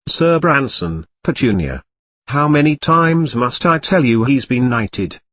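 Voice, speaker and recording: A man's voice: mid-range voice, lively intonation, a little slow, fairly bright tone. A man reading a storybook parody, voicing a blustering, bossy middle-aged uncle. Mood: irritated. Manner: gruff, bossy and spiteful.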